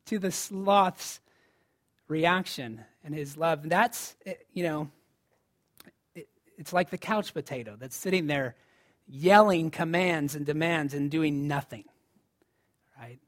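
Man preaching in a lively, casual way. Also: on the high side, measured pace, long pauses. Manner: conversational preaching with emphatic rises. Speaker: pastor. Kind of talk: sermon.

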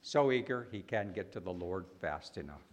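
A man preaching a sermon, animated and full of rhetorical questions and dramatic pauses. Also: low-pitched.

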